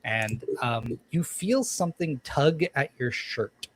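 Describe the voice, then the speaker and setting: A man's voice: medium pitch, lively intonation, slow, a little hiss or hum. Rambling man running a tabletop game. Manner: rambling, many ums and restarts. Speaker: game master.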